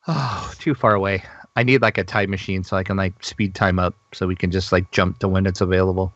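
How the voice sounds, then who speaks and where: Excitable guy cohosting a gaming podcast, bright forceful voice, dry lo-fi sound. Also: sits low, a little fast, few pauses, dry recording. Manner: excitable, gushing, laughs often. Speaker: podcast co-host. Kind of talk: casual gaming news chat.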